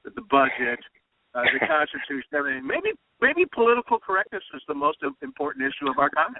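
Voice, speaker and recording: A man on political talk radio, telling stories excitedly and acting out quotes. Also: fairly high pitch, quick pace, no echo. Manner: excited storytelling, quotes others animatedly. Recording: dry phone-like radio sound.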